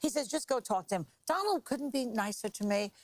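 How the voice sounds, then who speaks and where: Woman, talk show guest, chatty, stammery, jokey, slightly high voice, dry sound. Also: animated, fairly quick, dry recording. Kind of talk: interview chat.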